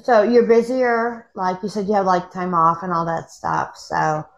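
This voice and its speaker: A woman's voice: medium pitch, steady tone, measured pace, muffled recording. A woman from the Pittsburgh area chatting casually on a podcast, rambling and laughing easily. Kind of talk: casual chat.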